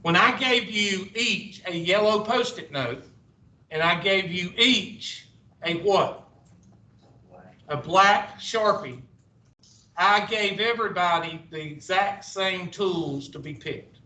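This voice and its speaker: A man's voice: high-pitched, lively intonation, slow pace, bright, forceful tone. Sarcastic man teaching a class. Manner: sarcastic, rambling asides. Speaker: math teacher. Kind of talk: classroom lecture. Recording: echoey classroom from far off.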